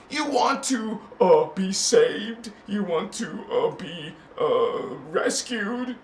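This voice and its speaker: A man hosting a spiritual talk, rambling between quiet musing and impassioned shouts. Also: sits high, animated, slow pace. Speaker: spiritual channel host. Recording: echoey room with faint noise.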